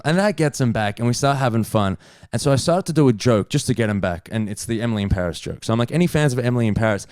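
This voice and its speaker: A young man, a stand-up comedian, telling a story in casual chat, animated and swearing freely. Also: medium pitch, fast talker, clean tone, no room sound, clean studio sound. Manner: animated, swears freely, acts out other people's lines.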